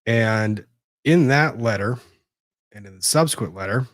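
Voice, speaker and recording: A low-pitched man hosts an unhurried legal commentary stream, muttering to himself as he digs through files. The sound is dry and close, with no room around it. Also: animated, no echo. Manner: rambling, talks to himself while searching documents. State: disorganized after moving. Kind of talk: casual livestream commentary.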